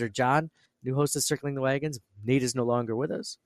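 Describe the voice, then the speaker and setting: A man's voice: mid-range voice, fairly even intonation, moderate pace, no echo. A man co-hosting a podcast, rambling and self-deprecating in casual chat, laughing often. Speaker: podcast co-host.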